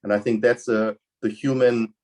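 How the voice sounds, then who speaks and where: A man presenting slides over a video call, speaking haltingly with frequent fillers. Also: mid-range voice, flat delivery, a little mellow. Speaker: invited expert speaker. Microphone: computer microphone on a video call.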